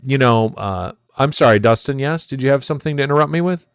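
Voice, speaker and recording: A man's voice: mid-range voice, lively intonation, fast talker, clean tone, no echo. A man co-hosting a comedy podcast, dryly teasing his partner and nudging the show along. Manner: dry, teasing, pushes the other host along. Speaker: podcast co-host. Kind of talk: comedic banter.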